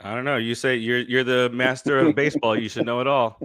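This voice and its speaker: A male podcast co-host who runs the segments of a casual sports chat and swears freely. He gets defensive and mocks himself. His tone is bright and forceful, and the recording is dry and close. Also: mid-range voice, steady tone, fairly quick, no room sound.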